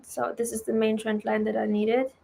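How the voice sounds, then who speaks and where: A woman's voice: fairly high pitch, level tone, normal speed, vocal fry, dark tone. A woman with a German accent, a non-native speaker of English, chatting loosely as she teaches trading on a live stream, with many fillers and "right?" tags.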